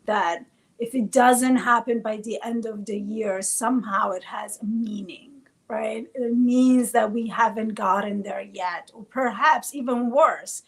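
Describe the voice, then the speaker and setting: A woman with a fairly high, breathy voice co-hosts a relaxed conversation. She teases her partner and laughs often while making her points. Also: measured pace, rough recording. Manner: playful, teasing, laughs often. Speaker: podcast co-host. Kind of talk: casual chat.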